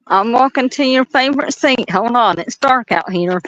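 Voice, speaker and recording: A woman's voice: fairly high pitch, lively intonation, fairly bright tone, dry recording, highs cut off. A woman with a Southern accent from the North Carolina mountains, chatting and laughing while walking outdoors at night, talking into a phone. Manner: chatty and laughing, drawn-out stories. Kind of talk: casual chat.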